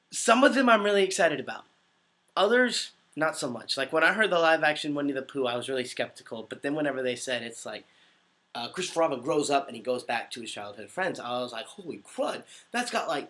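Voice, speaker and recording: A man in his twenties chatting casually on a livestream, answering viewer comments in an upbeat, easily excited way. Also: medium pitch, a little fast. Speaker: voice actor hosting a livestream.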